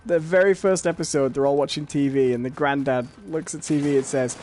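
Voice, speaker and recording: A man co-hosting a casual pop-culture podcast, telling stories in a relaxed way with fillers. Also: on the high side, brisk, few pauses, a little hiss or hum. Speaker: podcast co-host.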